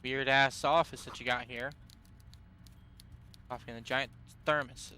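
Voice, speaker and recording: A man's voice: medium pitch, steady tone, a little slow, pushed and bright, clean tone. A man casually commentating his video game playthrough, chatty and amused, reading game text aloud. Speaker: streamer. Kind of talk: casual let's-play commentary.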